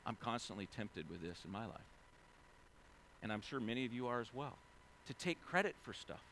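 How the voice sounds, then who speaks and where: A man preaching a sermon as a pastor, animated and conversational, acting out scenes in casual voices. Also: medium pitch, a little fast, slight background noise. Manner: animated, acts out biblical figures in casual voices.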